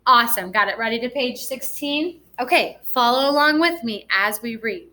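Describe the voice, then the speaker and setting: A woman teaching a first grade class through a recorded reading lesson, speaking gently and asking the children encouraging questions. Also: fairly high pitch, lively intonation, normal speed.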